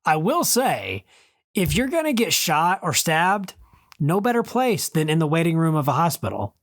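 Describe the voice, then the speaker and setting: A man's voice: a little high, wildly swooping pitch, moderate pace, a bit bright, no room sound. A man co-hosting a podcast in casual chat, answering with short backchannels and dry, wry quips. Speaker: podcast co-host.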